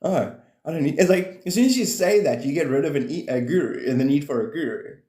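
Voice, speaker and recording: Man, livestream chat, rambling and profane, laughs a lot, warm dark tone, roomy echo. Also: fairly high pitch, animated, fast talker. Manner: rambling, swears freely, laughs often. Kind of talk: casual livestream chat on spirituality.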